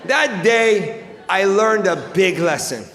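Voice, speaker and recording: A man from Iran performing a stand-up comedy routine with loud, animated storytelling on stage before a live audience. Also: high voice, slow pace. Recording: reverberant live venue with crowd noise.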